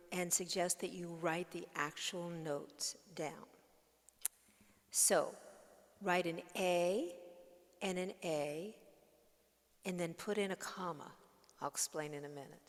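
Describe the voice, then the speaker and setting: A woman's voice: on the low side, big-room sound. A woman teaching ukulele over a video call, patiently explaining step by step and humming and counting along. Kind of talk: online music lesson.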